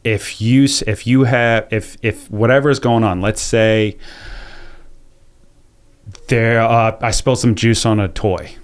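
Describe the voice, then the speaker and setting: Reflective young man hosting, low voice. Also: steady tone, a little slow, long pauses, clear, resonant tone. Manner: reflective, restarts sentences while thinking aloud. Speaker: podcast host. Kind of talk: conversational interview.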